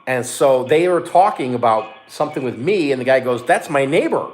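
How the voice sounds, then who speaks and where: A middle-aged man, an online reseller, telling a story in casual chat, animated and swearing as he acts out what people said. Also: mid-range voice, brisk, soft background music.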